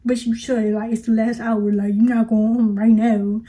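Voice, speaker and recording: A young woman with a high, bright voice tells a storytime to her viewers. She keeps it casual and chatty, full of fillers and slang, and talks to the audience as if they were friends. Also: flat delivery, normal speed. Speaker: vlogger.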